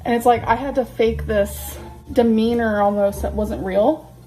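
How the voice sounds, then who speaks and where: A young woman with a warm, fairly high voice and fairly even intonation rambles unhurriedly to the camera while cooking at her stove. Slightly breathless, she says "like" a lot in her loose vlog talk, recorded in an echoey home kitchen with background music.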